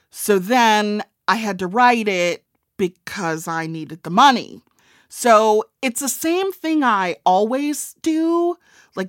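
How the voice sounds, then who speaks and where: A woman's voice: medium pitch, fairly bright tone, no room sound, studio quality. A woman in her forties with a Midwestern accent, an author chatting in a wry, self-deprecating way. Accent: Midwestern American. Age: 40s. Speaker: author and comedian. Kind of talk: casual interview chat.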